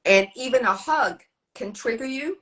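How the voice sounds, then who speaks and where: A woman in a casual podcast conversation. She explains her ideas haltingly and restarts phrases as she searches for words. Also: a little high, lively intonation, fairly bright tone, rough recording. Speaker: podcast guest.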